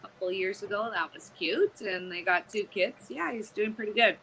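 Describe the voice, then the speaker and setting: A woman's voice: mid-range voice, fairly quick, fairly bright tone, slight background noise, rough recording. A woman, a guest on a podcast, chatting casually and telling stories. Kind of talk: casual chat.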